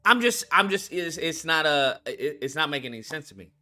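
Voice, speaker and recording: A man's voice: fairly high pitch, animated, a little fast, sharp tone, soft background music. A man hosting a live stream, ranting in a heated, mocking and profane way, taunting a viewer to call in.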